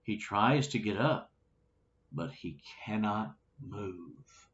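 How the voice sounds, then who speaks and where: A man reads a children's story aloud at a very slow, unhurried pace. His voice rises and falls with lively expression, and he drops in little asides. The recording is dull and lo-fi. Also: fairly low pitch. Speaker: storybook reader.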